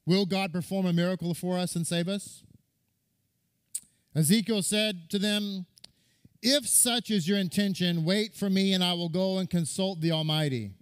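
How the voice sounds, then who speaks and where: A rabbi retells a midrash in his sermon, reading and quoting scripture and repeating words for emphasis. His voice is high and smooth, at a moderate pace.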